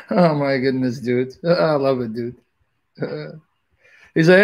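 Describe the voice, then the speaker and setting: A man's voice: a little high, sing-song, slow pace, long pauses, a little mellow. A middle-aged man hosting a live online talk, joking casually with viewers and then praying fervently in long, repetitive invocations. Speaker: livestream host.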